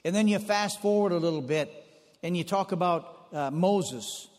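High-voiced preacher in a reverberant hall. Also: male voice, normal speed, darkish tone. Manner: folksy storytelling, repeats phrases for emphasis. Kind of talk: sermon.

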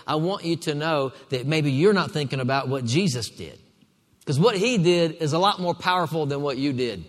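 A man preaches a sermon as pastor, calling on his congregation to answer back. His voice sits a little high. It rings with long reverb from a large hall. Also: big pitch swings, moderate pace. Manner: preaching with call-and-response to the congregation.

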